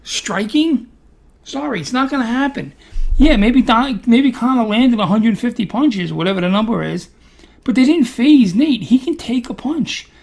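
A man in casual sports chat, animated and opinionated, joking as he argues his points. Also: very high-pitched, moderate pace, vocal fry. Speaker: podcast co-host.

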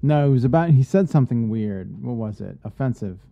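A man co-hosting a podcast in casual chat, getting animated and swearing freely as he rants. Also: medium pitch, brisk, gravelly, no room sound, highs cut off. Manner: animated, profane ranting. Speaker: podcast co-host.

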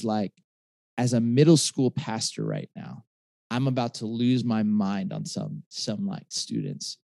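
A man's voice: lowish voice, dark tone, dry recording. A man in his forties, a pastor and author, telling a personal story in a conversational interview, with many restarts and fillers. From Michigan.

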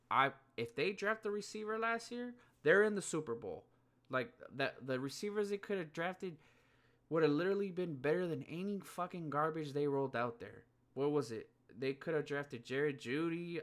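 A man's voice: medium pitch, fairly bright tone. A man giving a casual, profane, rambling rant about sports, full of fillers and heated outbursts. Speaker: sports podcaster.

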